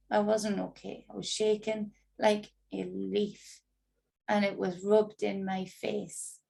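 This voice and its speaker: A woman's voice: medium pitch, creaky, darkish tone. A woman telling a personal story in an agitated, indignant monologue, swearing freely. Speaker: spiritual reader recounting an ordeal.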